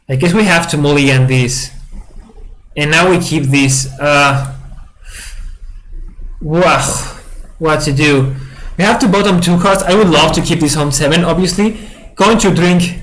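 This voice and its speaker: A young man narrates his card game in a relaxed, unhurried way, his voice sitting a little high. He stumbles and repeats himself, laughs easily, and keeps apologizing to his opponent. A faint hiss sits under the recording. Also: low-quality recording. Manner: giggly, apologetic, stammering restarts. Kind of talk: casual gameplay commentary.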